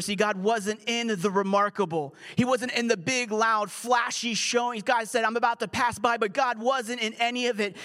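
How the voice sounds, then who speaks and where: High-voiced man preaching a sermon. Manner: earnest preaching, dropping to a hushed whisper at times. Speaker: pastor.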